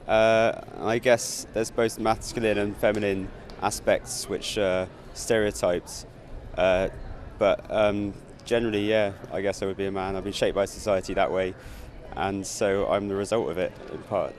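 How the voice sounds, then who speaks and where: A man answering an interview question hesitantly, with many hedges and pauses. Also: lowish voice, fairly even intonation, slight background noise. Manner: hesitant, hedging. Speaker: student interviewee. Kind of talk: street vox pop answer.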